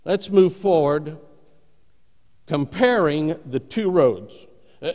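A pastor delivers his sermon with earnest emphasis and measured pauses. His voice sits high for a man. It carries a long reverb from the church sanctuary where he stands. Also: a little mellow.

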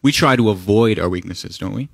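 A man's voice: lowish voice, brisk, gravelly, dry recording. A pastor giving a conversational sermon. He asks the congregation rhetorical questions and reads scripture with mounting intensity. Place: church sanctuary.

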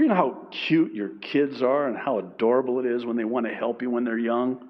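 A male pastor preaching a sermon in an animated, self-deprecating way, laughing often and acting out the people in his stories. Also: mid-range voice, brisk, few pauses, highs cut off.

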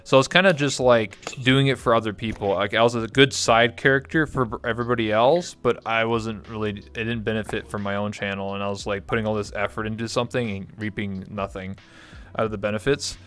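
A man's voice: lowish voice, fairly even intonation, brisk, fairly bright tone, slight background noise. A man from Canada, a guest in a casual interview, telling a long story candidly and rambling with many fillers. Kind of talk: casual conversation.

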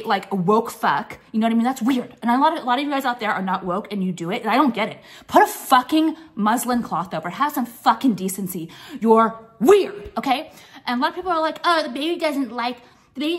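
A young woman ranting to camera in a swearing, contemptuous tone, hammering points with repeated "okay?" and "like". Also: on the high side. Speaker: vlogger. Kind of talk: profane ranting monologue.

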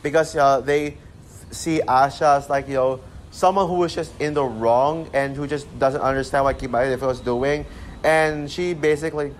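A man's voice: medium pitch, fairly even intonation, normal speed, a little hiss or hum. A man giving an exasperated, rambling movie rant, swearing often. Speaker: movie reviewer. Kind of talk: casual rant.

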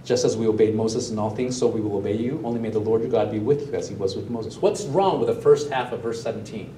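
Pastor, male, mid-pitched, lively sermon delivery, recorded from a distance in a reverberant sanctuary with a faint hum. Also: quick pace. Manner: animated, asks the congregation questions. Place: church sanctuary, also streamed online. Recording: roomy echo, mic at a distance.

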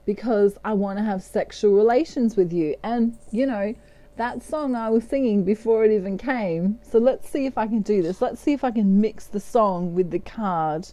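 A woman's voice: medium pitch, moderate pace, mellow, dry recording. A woman giving a casual tarot reading in a playful way, often slipping into bits of song. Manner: playful, breaks into snatches of song and laughs. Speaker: tarot card reader.

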